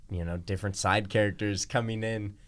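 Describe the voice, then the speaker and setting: A man's voice: on the low side, fairly even intonation, fairly quick. A man in his twenties co-hosting a podcast, talking in a laid-back, slangy and teasing way. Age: 20s. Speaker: podcast co-host. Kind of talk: casual chat.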